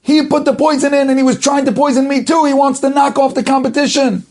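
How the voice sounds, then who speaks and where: A man voicing a scheming merchant who loudly and quickly accuses someone of murder. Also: little pitch movement. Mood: accusing. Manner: shouting false accusations, fast and shrill. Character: scheming middle-aged male merchant, loud and accusing.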